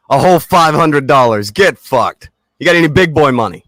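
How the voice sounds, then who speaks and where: A man's voice: a little high, lively intonation, normal speed, few pauses, pushed and bright, no echo. A man hosting a livestream, ranting and mocking someone with sarcastic, profane taunts. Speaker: livestream host.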